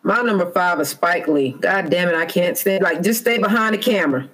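A woman's voice: fairly low pitch, a little fast, fairly bright tone, poor audio. A woman co-hosting a podcast, chatting casually, blunt and emphatic, repeating her points. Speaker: podcast co-host. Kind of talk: casual chat.

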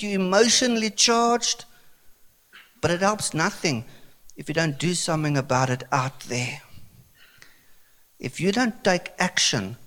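A South African man in his fifties, an Afrikaans speaker, preaching a sermon with animated, comic storytelling. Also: a little high. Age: 50s. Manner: animated, comic storytelling with sudden bursts of excitement. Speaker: pastor.

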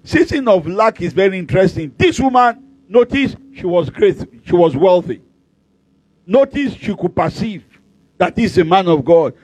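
A man's voice: high voice, lively intonation, moderate pace, a little mellow, slightly rough, no echo, rough recording. A middle-aged male pastor, preaching at a convention with emphatic, repeated declarations and humorous stories. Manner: humorous storytelling.

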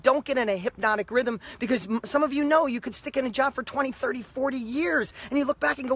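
Middle-aged motivational speaker, male, fairly high voice, fired-up and emphatic. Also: fairly quick, few pauses, husky. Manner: energetic, emphatic, repetitive punchy phrases. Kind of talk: motivational talk to camera.

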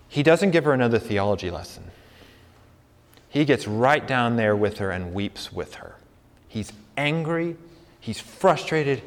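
A man preaching a sermon as pastor, earnest and conversational. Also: mid-range voice. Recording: long hall reverb.

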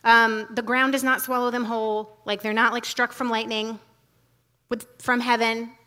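A woman's voice: on the high side, flat delivery, normal speed, bright, forceful tone. A woman giving a casual, humorous teaching talk, chatty and full of asides, laughing often.

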